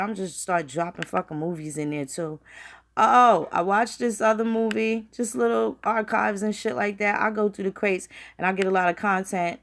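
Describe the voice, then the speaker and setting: A woman's voice: medium pitch, vocal fry, pushed and bright. Rambling, profane woman talking casually. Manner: rambling, profane, conversational, addresses viewers directly. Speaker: channel host. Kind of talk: casual livestream talk.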